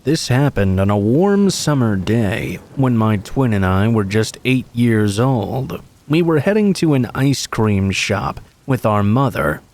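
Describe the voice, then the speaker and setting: A man's voice: medium pitch, lively intonation, a little slow, a little mellow. A man hosting a channel, reading true scary stories aloud in a casual, friendly delivery. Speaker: host and story narrator.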